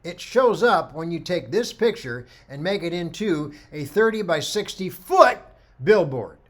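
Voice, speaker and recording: A middle-aged man teaching photography, talking through slides with lively stories and acted-out dialogue. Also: a little high, unhurried. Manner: animated storyteller, acts out dialogue. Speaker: photography instructor. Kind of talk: lecture with slide commentary.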